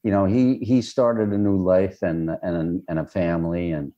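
A man who writes and directs answers interview questions in a reflective, thoughtful way, often pausing on "you know." His low voice is mellow with fairly even intonation, and the audio has its highs cut off.

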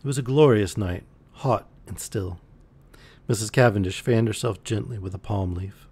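A man reading a novel aloud on a live stream, relaxed, with the odd slip and restart. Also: lowish voice, normal speed, breathy edge. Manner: relaxed, with occasional slips and restarts. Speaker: audiobook reader on a live stream. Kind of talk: reading a novel aloud, voicing characters lightly.

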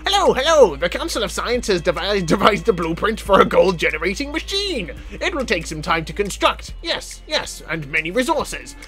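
A man's voice: high-pitched, sing-song, moderate pace, few pauses, fairly bright tone, soft background music. A man doing a fussy, eager court scientist.

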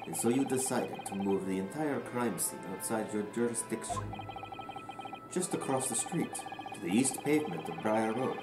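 A man's voice: on the low side, natural voice. Man voicing an earnest young lawyer, echoey. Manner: measured, deducing aloud. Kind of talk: fan dub of a game.

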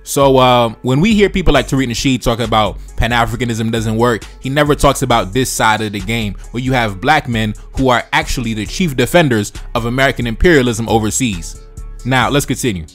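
A man reading a news article aloud and reacting to it with animated, profane commentary. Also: medium pitch, fairly quick, soft background music. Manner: animated, profane, acts out quoted voices. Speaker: political commentator.

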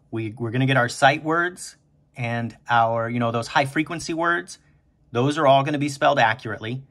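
A man hosting a kindergarten writing lesson, speaking slowly and encouragingly and stretching words out aloud. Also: mid-range voice, fairly bright tone, slightly rough. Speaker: teacher and podcast host.

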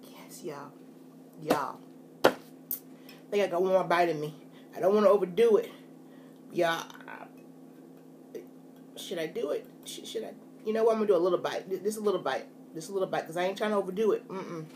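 A woman's voice: lowish voice, brisk, pauses often, a little mellow, a little hiss or hum. A woman talking casually to her viewers while eating on camera, chatty and folksy, often saying "y'all". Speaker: food vlogger. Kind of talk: casual mukbang chat to camera.

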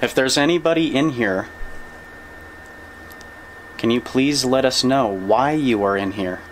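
A man investigating the paranormal, calmly addressing an unseen presence and explaining his gear. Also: mid-range voice, unhurried, a little hiss or hum, rough recording. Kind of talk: ghost-hunting spirit call-outs.

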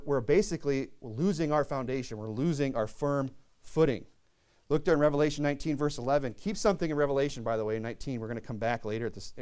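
A man's voice: mid-range voice, darkish tone. A young man preaching an earnest sermon, reading scripture aloud and often restarting his sentences. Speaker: pastor.

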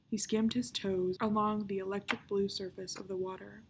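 Woman librarian, story reading, calm, even, gravelly, steady pitch. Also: normal speed, few pauses, slight background noise. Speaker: children's librarian. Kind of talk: reading a children's novel aloud.

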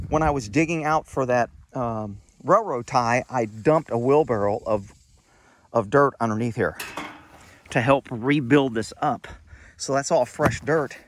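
A man talking casually outdoors at his horse paddock, explaining things step by step in a relaxed, chatty way. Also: mid-range voice. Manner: chatty, explains step by step, scolds pets playfully. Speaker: horse owner vlogger.

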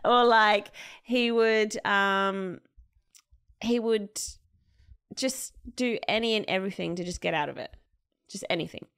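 A woman in relaxed podcast chat, her voice carrying a gravelly fry at the ends of phrases. She talks at a middling pitch, full of "like" and "um", and slips into other people's voices as she retells a story. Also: measured pace. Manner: chatty, many fillers, acts out quoted people. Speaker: podcast co-host.

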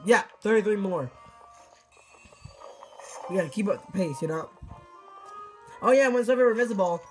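A high-pitched teenage boy talks through a game in loose, casual commentary, tripping over his words and breaking into sudden exclamations. Faint game music plays softly behind him. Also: moderate pace, low-quality recording. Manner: excitable, rambling, frequent restarts and exclamations. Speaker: gameplay commentator.

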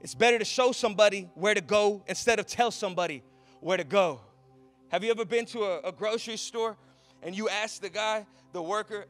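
A man preaching a sermon as a pastor, moving from quiet storytelling to loud, rising exhortation. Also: sits high, brisk, soft background music.

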